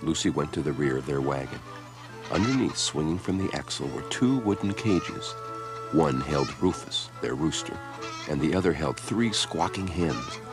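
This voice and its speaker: A man reading a children's storybook aloud in an expressive, unhurried way. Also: extremely low pitch. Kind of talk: read-aloud storybook narration. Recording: background music.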